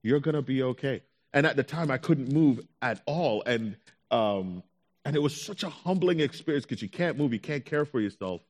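A young adult man, a pastor, telling his own story in a sermon with animated delivery, acting out his anxious thoughts in quotes. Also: medium pitch, moderate pace. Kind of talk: sermon testimony.

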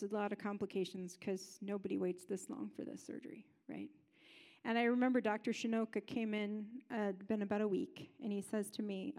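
A woman's voice: fairly high pitch, in a large hall. A woman telling a personal story in a sermon, in a conversational way, acting out what other people said. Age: adult parent.

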